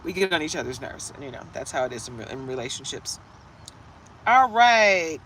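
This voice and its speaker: Woman from Detroit, live-stream host, animated and giggly, very lively pitch, webcam sound. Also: normal speed, a little hiss or hum. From Detroit, USA. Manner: animated, greets viewers by name, laughs often. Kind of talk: casual live-stream chat.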